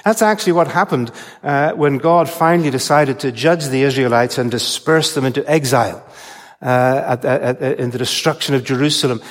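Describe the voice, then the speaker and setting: Male preacher in a reverberant church. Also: medium pitch. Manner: measured expository preaching with emphatic stresses. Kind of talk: sermon.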